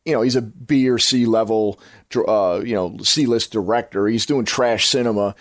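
This male podcast host speaks in a lowish voice at a moderate pace, captured dry with clean studio sound. His casual film talk is rambling and enthusiastic. It keeps circling back and correcting itself.

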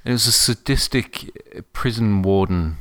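A man's voice: lowish voice, unhurried, fairly bright tone. An Australian man in casual chat, recalling film trivia in an offhand way.

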